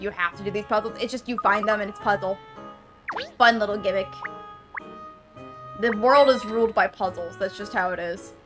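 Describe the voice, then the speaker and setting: A woman streamer talking casually and with strong opinions while she plays, full of "like" fillers. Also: mid-range voice. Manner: chatty and opinionated, many "like" fillers. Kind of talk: casual game stream commentary. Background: game music.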